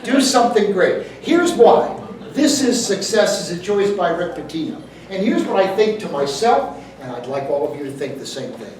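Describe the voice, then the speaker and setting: A man's voice: high voice, very animated, moderate pace, a little mellow. A man giving a jokey, conversational motivational speech to a live audience, quizzing the crowd as he goes. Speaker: motivational speaker. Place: event hall with audience. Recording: echoey room, distant mic.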